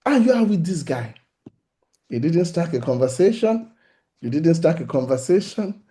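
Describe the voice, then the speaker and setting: A man's voice: a little high, sing-song, moderate pace, dark tone. A middle-aged man, teaching on relationships in a sermon, animatedly acting out little conversations. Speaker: pastor.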